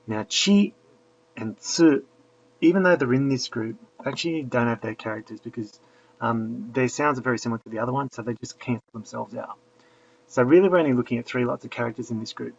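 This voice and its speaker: A man leads a classroom lesson in a mid-pitched, slightly husky voice. He explains patiently and repeats drills aloud. The recording sounds dull and lo-fi. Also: moderate pace, fairly bright tone. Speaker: language teacher.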